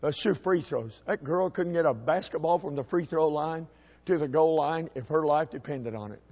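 A middle-aged man preaching a sermon as a pastor, folksy and emphatic, with shouted peaks. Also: a little high, moderate pace, in a large hall. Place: church sanctuary.

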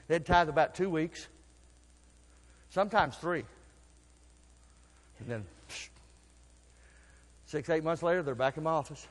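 An older man preaching a sermon, telling folksy stories and swinging from quiet asides to shouted exhortation. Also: fairly high pitch, unhurried, pauses often. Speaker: pastor. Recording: long hall reverb.

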